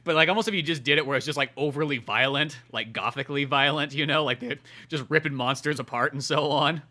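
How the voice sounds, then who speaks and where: A man's voice: fairly high pitch, fast, pushed and bright. A man co-hosting a casual comedy podcast, laughing often, swearing and riffing on jokes. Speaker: podcast co-host.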